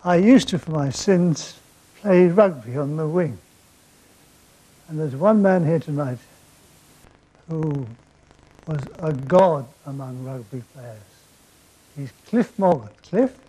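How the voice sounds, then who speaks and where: Unhurried older man telling stories on stage. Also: on the high side, warm tone, breathy edge, poor audio. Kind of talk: stage storytelling. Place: stage before an audience. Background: audience laughter.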